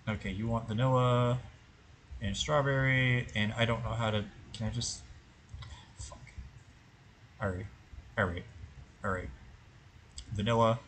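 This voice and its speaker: A man's voice: medium pitch, steady tone, a little slow, pauses often, fairly bright tone, a little hiss or hum, low-quality recording. A man hosting his own gaming channel, muttering and cursing to himself through a game, then wrapping up with commentary for viewers. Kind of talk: gameplay commentary.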